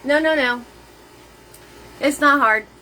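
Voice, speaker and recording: A woman's voice: sits high, slow pace, pushed and bright, slight background noise, low-quality recording. A woman hosting a live painting lesson. She chats cheerfully with viewers, greets each one by name with pet names, and laughs often between steps. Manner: playful made-up words.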